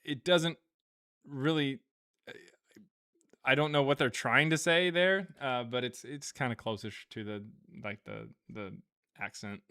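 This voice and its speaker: A man's voice: medium pitch, measured pace, long pauses, sharp tone, clear, resonant tone. A man hosting a live stream, reading out viewer donations in a loose, rambling way, with lots of fillers and frequent chuckles. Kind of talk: casual live-stream chat.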